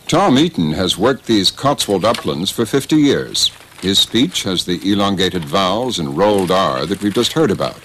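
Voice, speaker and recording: A man giving scripted documentary narration with an expressive, rising and falling delivery. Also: low voice, moderate pace, few pauses, slight background noise.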